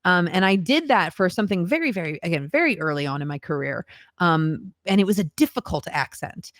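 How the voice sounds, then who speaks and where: A woman's voice: lowish voice, expressive, brisk, a bit bright, dry recording, studio quality. A woman voice actor as a podcast guest, talking in a reflective, earnest way with frequent ums. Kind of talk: casual podcast conversation.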